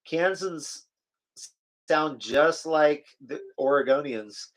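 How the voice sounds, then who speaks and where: A man's voice: on the high side, slow. A man from the US West Coast co-hosting a casual live chat, joking and reading out viewer comments. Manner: chatty, joking, reads viewer comments aloud. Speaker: co-host of a live chat stream.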